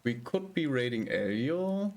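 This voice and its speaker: A man's voice: medium pitch, very animated, measured pace, a little mellow. A man streaming live, chatting casually with viewers in a rambling, hesitant way.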